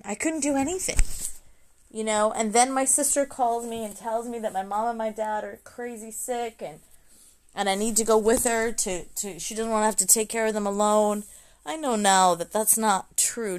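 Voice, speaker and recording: A woman at a mid-range pitch recounts her own story in an unpolished monologue. She talks bluntly and swears freely. She often stops to restart or correct herself. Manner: raw, blunt and profane, with frequent restarts and self-corrections. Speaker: adult daughter sharing her story.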